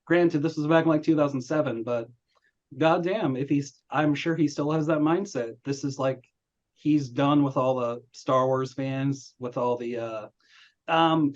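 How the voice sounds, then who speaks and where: A man's voice: mid-range voice, measured pace. A young man hosting a film review chat, telling stories casually and acting out quoted voices. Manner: animated storytelling with quoted voices. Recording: dull lo-fi audio.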